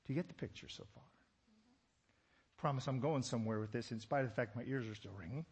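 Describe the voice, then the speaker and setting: A man's voice: medium pitch, fast, darkish tone, slightly rough, long reverb tail. A man preaching a sermon, asking rhetorical questions and dropping joking asides. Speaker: pastor.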